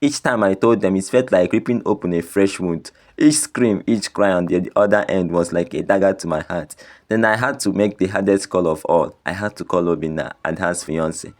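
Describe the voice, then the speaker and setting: A man with a very deep voice tells a first-person tragedy as scripted narration. His delivery stays grave and sorrowful throughout. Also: normal speed, a little mellow. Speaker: storyteller.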